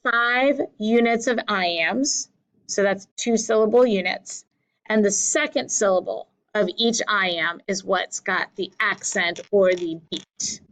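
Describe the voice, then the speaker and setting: A woman teacher giving a slow, deliberate lesson over slides, correcting herself now and then. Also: medium pitch, a bit bright, poor audio. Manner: slow, deliberate explaining with small self-corrections.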